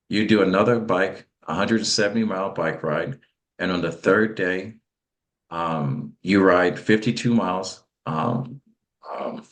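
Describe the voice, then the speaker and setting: A male interview host with a very deep voice. He talks in an emphatic, chatty way and stammers into repeats as he sets up questions.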